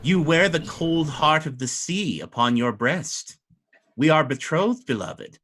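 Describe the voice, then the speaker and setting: A man's voice: a little high, animated, unhurried, fairly bright tone, a little hiss or hum, pitched above the performer's own voice. A man voicing a haughty teasing mermaid bride. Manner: mocking, coquettish.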